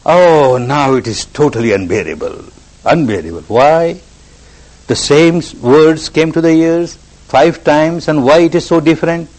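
A man's voice: on the high side, rough recording. Guy giving a meditation talk, voice bouncing up and down a lot, says things twice for emphasis. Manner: repeats phrases for emphasis, animated storytelling. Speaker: meditation teacher. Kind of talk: spiritual discourse.

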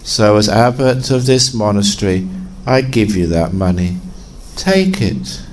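A man voicing a kind, gentle elderly abbot of a monastery who speaks softly and slowly. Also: lowish voice, animated, slight background noise, low-quality recording. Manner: soft, slow and kindly.

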